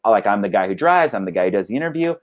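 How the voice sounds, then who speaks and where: Male band guest, lowish voice, casual rambling storyteller on a video call. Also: expressive, racing, slight background noise. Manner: rambling, lots of "like" and "dude".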